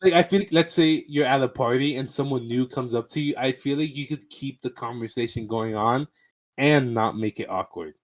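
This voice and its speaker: A man's voice: mid-range voice, normal speed. A young man hosting a casual podcast, bantering loosely with crude jokes and a lot of swearing. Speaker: podcast host. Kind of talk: casual chat.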